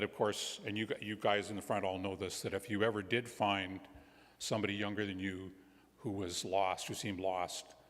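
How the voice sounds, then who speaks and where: A man, a guest minister, tells a children's story in a church sanctuary with lively, animated delivery and friendly asides. His voice sits low. A long reverb hangs in the hall.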